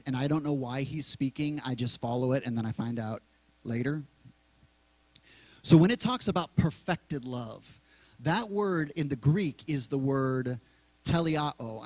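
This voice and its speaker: A man's voice: medium pitch, a little mellow, no echo, poor audio. Man preaching a conversational sermon, dry sound. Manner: conversational preaching, repeating key words slowly. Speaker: pastor. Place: church sanctuary.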